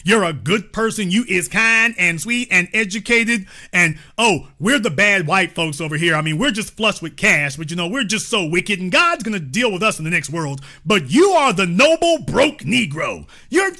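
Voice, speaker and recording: A man's voice: high voice, lively intonation, moderate pace, few pauses, pushed and bright, heavily acted. A man putting on the voice of a smug, condescending wealthy man, delivered with mocking, patronizing sarcasm.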